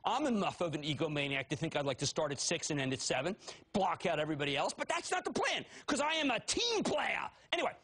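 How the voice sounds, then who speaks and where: A man in his fifties hosting a TV stock market show, talking loud, manic and theatrical with sudden shouts. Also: fairly high pitch, sing-song, quick pace, slightly rough. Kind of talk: excitable TV stock commentary.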